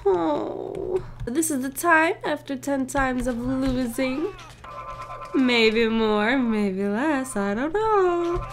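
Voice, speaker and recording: A young woman hosting a gaming channel, giving excitable let's-play commentary, groaning and shrieking as her rider crashes. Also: sits high, takes it slowly, a little hiss or hum.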